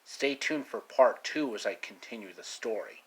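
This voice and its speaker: A man's voice: medium pitch, lively intonation, moderate pace, fairly bright tone, husky. A man casually telling his own take on a classic adventure story, laid-back, with scattered foreign phrases. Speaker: storyteller, channel host. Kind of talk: casual home-made storytelling.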